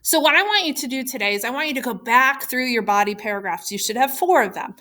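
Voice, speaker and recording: A woman teacher giving a recorded lesson, explaining clearly and patiently. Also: high voice, expressive, fast talker, sharp tone.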